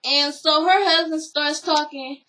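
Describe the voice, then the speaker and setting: Bright, high-voiced sassy woman. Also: steady tone, a little slow. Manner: sassy, blunt, slangy commentary. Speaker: vlogger recapping a reality show. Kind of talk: casual chat.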